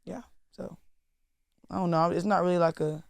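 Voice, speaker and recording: A young woman talks in a blunt, profane, rambling way full of fillers. Her voice is smooth and clear, recorded dry and close on a studio mic. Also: fairly low pitch, steady tone, normal speed, no room sound. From Atlanta. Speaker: rapper guest. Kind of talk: candid interview talk.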